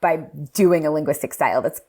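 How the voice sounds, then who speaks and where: Woman linguist chatting, lowish voice, lively, says um and like a lot. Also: fairly quick, husky. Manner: lively, animated, laughs often, fillers like "um" and "like". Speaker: linguist guest. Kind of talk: casual explanatory podcast talk.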